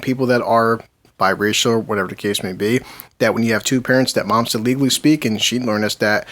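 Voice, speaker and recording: A man co-hosting a podcast, chiming in with quick, rambling, laughing remarks. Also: fairly low pitch, steady tone, fairly bright tone. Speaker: podcast co-host. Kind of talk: casual podcast chat.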